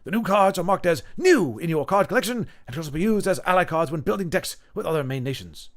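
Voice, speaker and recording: A man's voice: high-pitched, animated, fast, pitched above the performer's own voice. A man putting on a mock-British game announcer. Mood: formal. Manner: theatrical, reading game text aloud. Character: male campaign announcer with a mock British accent.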